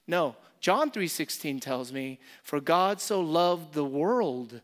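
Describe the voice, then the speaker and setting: A man preaching a sermon as pastor, impassioned, repeating key phrases and swinging from loud emphasis to soft, intimate asides. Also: on the high side, animated, slow.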